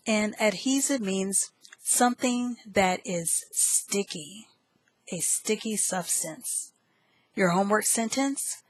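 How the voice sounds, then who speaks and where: Slow, deliberate woman teaching English words. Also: medium pitch, rough recording. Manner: spells words letter by letter and repeats them slowly. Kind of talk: slow, deliberate vocabulary lesson.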